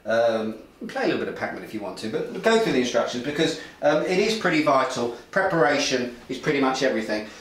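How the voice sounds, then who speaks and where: A man's voice: mid-range voice, big pitch swings, fast talker, few pauses, fairly bright tone. A man hosting a beer video from his home kitchen, chatting casually in a jokey, rambling way with lots of restarts. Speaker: beer vlog host. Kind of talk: casual presenting chat. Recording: echoey kitchen, distant mic.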